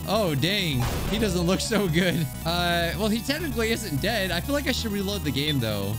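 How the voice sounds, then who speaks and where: A man's voice: high-pitched, very animated, moderate pace. A man playing a game and reacting aloud, reading its dialogue as he goes. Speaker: gamer. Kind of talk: let's play commentary. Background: game music.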